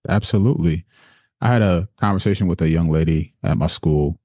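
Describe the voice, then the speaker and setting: Deep-voiced man, earnest and encouraging. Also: fairly quick, darkish tone, no room sound, clean studio sound. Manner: earnest, encouraging, speaks in lists. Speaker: assistant principal, podcast guest. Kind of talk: casual interview conversation.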